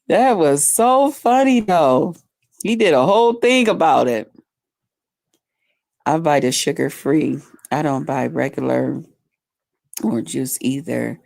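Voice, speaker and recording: A woman with a deep, low voice drawls through a relaxed live-stream chat. She takes her time, folksy and chatty. The sound is close and dry. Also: takes it slowly, vocal fry, pauses often, no echo. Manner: chatty, folksy, reads out viewer comments. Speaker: livestream host.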